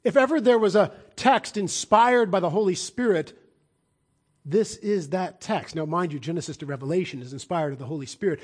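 A man delivers a sermon in a slightly higher voice. He alternates between forceful, emphatic proclamations and hushed, low asides. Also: lively intonation, normal speed. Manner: emphatic, swings between loud declarations and quiet low asides. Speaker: preacher.

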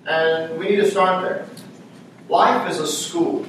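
High-voiced preacher in an echoey church. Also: male voice, moderate pace, a little hiss or hum. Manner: repetitive, emphatic preaching with rhetorical questions. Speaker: pastor. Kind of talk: sermon. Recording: echoey church room, mic far off.

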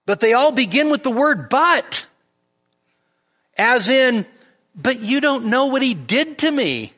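High-voiced pastor preaching in reverb. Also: male voice, very animated, slow, sharp tone. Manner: emphatic, rises sharply on quoted lines. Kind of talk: expository sermon. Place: church sanctuary. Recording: long church reverb.

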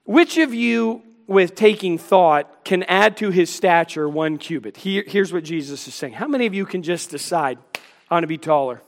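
High-voiced man preaching a sermon. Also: moderate pace. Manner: earnest, pleading, acts out dialogue with Jesus.

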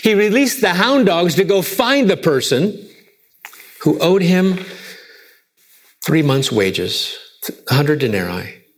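Emphatic preacher with a higher voice. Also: male voice, big pitch swings, slow pace, long pauses. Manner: emphatic, repetitive rhetorical questions with wide swings in pitch and loudness. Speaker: pastor. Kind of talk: sermon.

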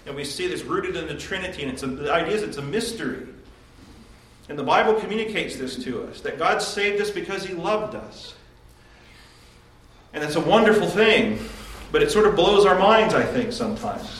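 A man's voice: on the high side, animated, normal speed, a bit bright, distant mic. Emphatic man preaching in an echoey room. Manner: earnest, emphatic preaching with rhetorical questions. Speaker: pastor. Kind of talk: devotional sermon.

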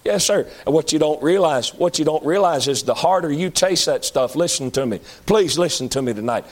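A man preaching a sermon, moving between loud high-pitched calls and low pleading appeals. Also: animated, brisk.

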